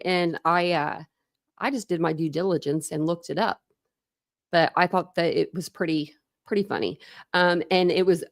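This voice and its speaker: A true crime livestream host, a woman in her thirties, chats casually with viewers, greeting them by name and laughing a lot. Her voice is slightly low, and the recording sounds dry and close.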